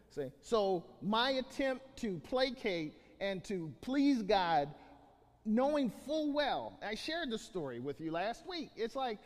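A man preaching a sermon as the pastor, telling stories with many restarts and lively emphasis. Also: very high-pitched, normal speed, big-room sound. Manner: animated storytelling with many restarts.

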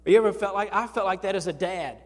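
A man's voice: high voice, fast talker. A man preaching a sermon as pastor, talking conversationally, acting out quotes and often restarting his phrases. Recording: long reverb of a large hall.

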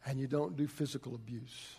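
A man's voice: mid-range voice, fairly even intonation, a little fast, creaky, dark tone, breathy edge. A man, a pastor preaching a conversational sermon and telling stories with frequent restarts.

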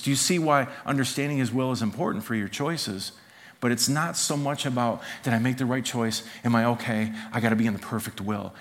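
Conversational male pastor preaching. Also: mid-range voice. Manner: conversational, emphatic, with rhetorical questions. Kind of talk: sermon.

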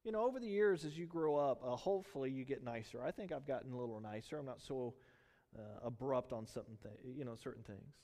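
A middle-aged man preaching a sermon in a church, in a conversational, animated storytelling manner. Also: mid-range voice, fast talker, long reverb tail. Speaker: pastor.

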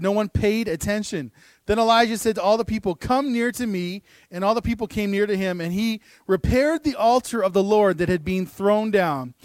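A man's voice: high voice, darkish tone, dry recording, studio quality. A man preaching a sermon and reading scripture aloud, earnest and emphatic, with asides and small restarts. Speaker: pastor. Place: church room.

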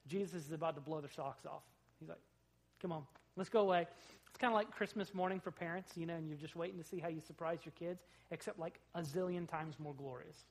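A man preaching a sermon in a church, animated, rising loud on quoted lines and dropping low between them. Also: quick pace, gravelly. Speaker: pastor. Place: church sanctuary.

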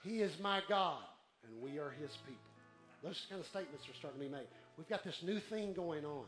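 A man preaching a sermon to a congregation, calling out for responses and building to shouts. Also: on the high side, expressive, fairly quick, roomy sound, soft background music. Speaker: pastor. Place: church.

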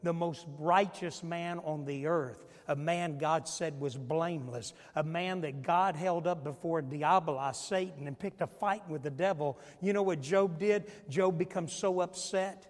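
A man's voice: on the high side, unhurried, hardly any pauses, in a large hall. A male pastor preaching a sermon, emphatic and asking the congregation questions. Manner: emphatic, call-and-response questions.

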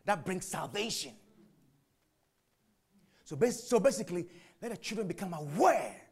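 A man preaching a sermon, asking and answering his own questions, jumping from shouts to whispers. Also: high voice, normal speed, long pauses, breathy edge. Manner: animated, swings from shouts to whispers.

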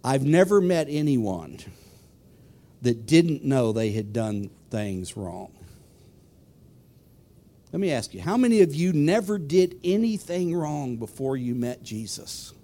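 A man's voice: mid-range voice, very animated, slow, pauses often, mellow. A man preaching a sermon who asks the congregation questions and then tells a personal story.

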